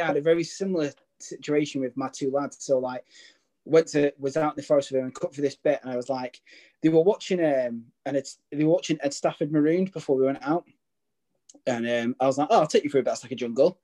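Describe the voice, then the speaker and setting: A man's voice: on the high side, a little fast, mellow. A British man in his thirties telling rambling, chatty stories. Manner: chatty, rambling storytelling with restarts. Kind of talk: casual chat.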